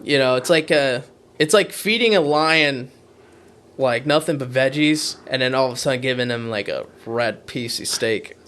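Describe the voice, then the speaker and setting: A man's voice: mid-range voice, a bit bright. A man hosting a podcast, chatting casually and cracking jokes. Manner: joking, quick to laugh. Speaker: podcast host. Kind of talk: casual chat.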